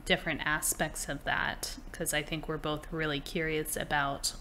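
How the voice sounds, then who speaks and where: Low-pitched, bright young woman co-hosting. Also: little pitch movement, normal speed, slight background noise. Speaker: podcast co-host. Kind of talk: casual chat.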